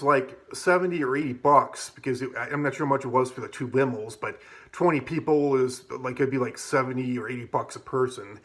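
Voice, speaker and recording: A man's voice: medium pitch, fairly bright tone. A man spins a loose, rambling personal story. He swears freely and leans on fillers like "like" and "you know" as he talks. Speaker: vlogger. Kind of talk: casual storytelling.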